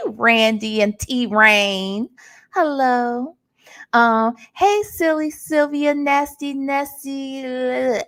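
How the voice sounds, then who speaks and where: A tired, low-energy woman hosting a casual livestream and greeting her chat one by one. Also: fairly bright tone. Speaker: livestream host.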